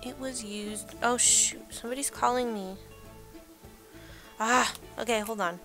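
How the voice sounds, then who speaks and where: A woman's voice: a little high, unhurried, over music. Chatty young woman narrating gameplay. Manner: chatty, rambling, self-deprecating, laughs often. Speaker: let's play gamer. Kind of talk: casual gameplay commentary.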